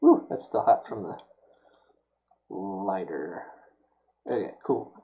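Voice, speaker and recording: A man's voice: low voice, animated, takes it slowly. Guy rambling on his stream while he works, lots of uhs, kinda dull lo-fi audio. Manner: rambling, chatty, many fillers. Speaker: streamer building a prop. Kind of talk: casual chat while working.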